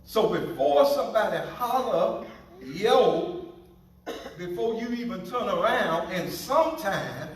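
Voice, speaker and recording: High-voiced joking pastor in a roomy hall. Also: male voice, animated, slow pace, distant mic. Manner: playful, joking with the congregation. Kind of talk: sermon.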